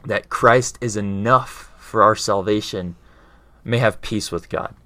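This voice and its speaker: A man's voice: on the low side, takes it slowly, bright, forceful tone, no room sound. A man in casual explanatory talk, earnest, often checking in with his listener as he explains. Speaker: speaker explaining faith.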